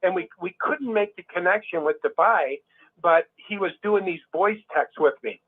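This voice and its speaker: A man's husky, high-sitting voice comes through a tinny phone line at normal speed. He's a guest in a casual conversation, speaking emphatically and heatedly and restarting his sentences again and again.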